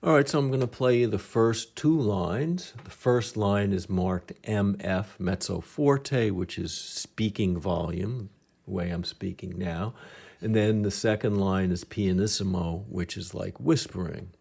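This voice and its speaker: A man's voice: fairly low pitch, measured pace, vocal fry, a little mellow. A man teaching a piano lesson step by step, patiently counting beats aloud as he demonstrates, with piano notes behind him.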